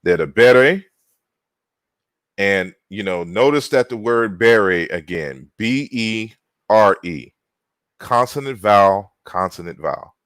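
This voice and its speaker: A man giving an online linguistics lecture, deliberate, spelling out words with frequent fillers and restarts. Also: on the low side, animated, a bit bright, dry recording.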